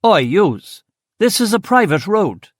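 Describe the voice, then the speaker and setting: A man's voice: medium pitch, expressive, moderate pace, no room sound, studio quality, natural voice. A man voicing an indignant, upper-class Anglo-Irish landowner of about forty, with a clipped, formal way of speaking. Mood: shouting. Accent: 1930s Anglo-Irish upper class.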